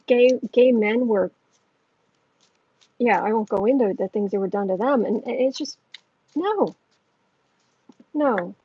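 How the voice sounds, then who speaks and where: A woman hosts a casual tarot livestream. She talks earnestly and rambles, restarting her thoughts often. Her voice is fairly high, husky and mellow, and the recording is dry, dull and lo-fi. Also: no room sound. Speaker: tarot reader and livestream host. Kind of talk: casual livestream chat, reading viewer comments. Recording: dull lo-fi sound.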